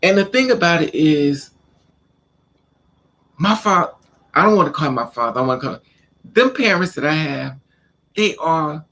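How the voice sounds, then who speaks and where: Vlogger, male, casual storyteller; animated, acts scenes out, repeats words for emphasis. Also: a little high.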